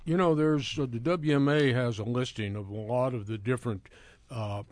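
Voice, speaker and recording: A man's voice: mid-range voice, moderate pace, a little mellow, no room sound. Affable male radio co-host. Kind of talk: casual radio talk.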